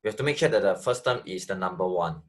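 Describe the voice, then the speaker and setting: In an online tutoring lesson, a man with a low, expressive voice talks fast as he walks a student through math step by step. He repeats phrases and checks that the student is keeping up.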